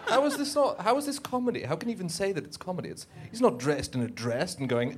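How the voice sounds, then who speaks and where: Brief: male comedian co-host, high-ish animated voice, laughing riffs, audible noise bed. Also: a little fast, long pauses. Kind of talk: casual comedic chat.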